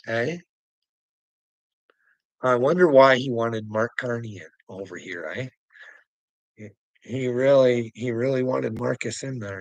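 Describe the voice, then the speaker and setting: A man's voice: medium pitch, fairly bright tone, no room sound, low-quality recording. A man ranting in a rambling video monologue, agitated and swearing heavily, close to the mic. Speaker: religious video commentator.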